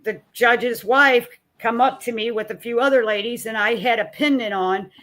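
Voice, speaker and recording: Middle-aged woman, grieving-mother guest. Candid, folksy storyteller who acts out both sides of each exchange and drops soft and low at the hard parts. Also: fairly even intonation, moderate pace. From Missouri. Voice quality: plain-spoken, folksy. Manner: re-enacts both sides of conversations, voice sinking low and soft at painful moments. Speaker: guest, mother of a missing son.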